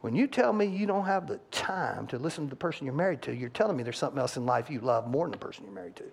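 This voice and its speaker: A pastor in a church sanctuary delivers a rapid-fire sermon in a mid-range voice that's creaky with a breathy edge. Lively and animated, he performs couples' quotes to drive home his points, rising in volume at the punchlines.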